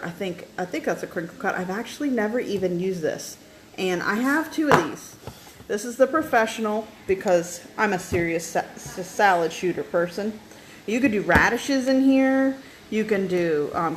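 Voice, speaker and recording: A woman's voice: mid-range voice, slight background noise, rough recording. A woman casually showing off her kitchen appliances at home, chatting and checking in with her viewers as she goes. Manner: chatty, keeps checking in with "okay?". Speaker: home cook vlogger.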